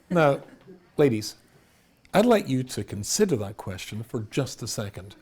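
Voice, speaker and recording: A man in middle age delivers a storytelling lecture as a rabbi, dry and self-deprecating, chuckling at his own punchlines. His voice is slightly husky, and its pitch rises and falls in a lively way. He talks like someone used to holding a room. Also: normal speed. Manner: wry, self-mocking, laughs at his own jokes. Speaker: rabbi giving a talk.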